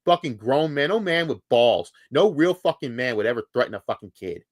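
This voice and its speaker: A man's voice: mid-range voice, very animated, brisk, few pauses, no echo, studio quality. A man ranting angrily on a live stream, swearing hard and repeating himself when worked up. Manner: heated, profane, repeats words when worked up. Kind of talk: angry live-stream rant.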